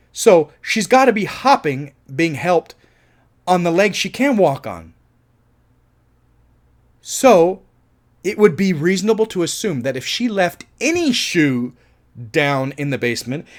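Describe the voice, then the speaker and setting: A man reviewing a film in a casual monologue. He is enthusiastic, laughs often and swears freely. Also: on the high side.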